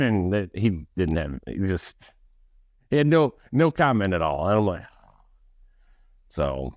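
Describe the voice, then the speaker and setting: A man co-hosting a casual sports podcast over a remote call, telling animated stories and acting out what other people said. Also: lowish voice, moderate pace, dry recording, studio quality. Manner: animated, acts out quoted voices. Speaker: podcast co-host.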